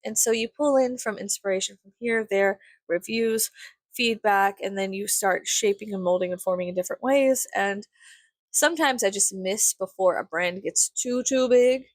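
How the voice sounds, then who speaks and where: A woman's voice: medium pitch, moderate pace, no room sound, studio quality. A young woman rambling casually to camera, swearing freely and acting out her own thoughts with self-mocking humor. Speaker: vlogger.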